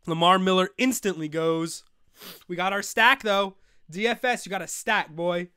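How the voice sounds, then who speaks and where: A young man speaks at a moderate pace in a smooth, high voice, with clean studio sound and no room sound. He hosts a live fantasy football show, offering casual streamed commentary that grows excitable, profane and frustrated.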